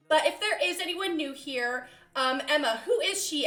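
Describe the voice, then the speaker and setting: A woman's voice: high-pitched, lively intonation, a little slow, pushed and bright. A woman streaming live, chatting casually in a bubbly, giggly, easily distracted way. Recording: roomy echo with faint music.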